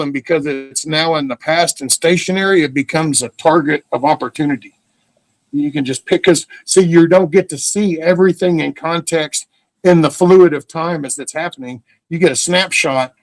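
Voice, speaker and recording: A man's voice: on the high side, a bit bright, no room sound. A middle-aged man hosts a livestream in a rambling, casual monologue. He is blunt and profane, and his talk wanders and restarts. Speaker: livestream host.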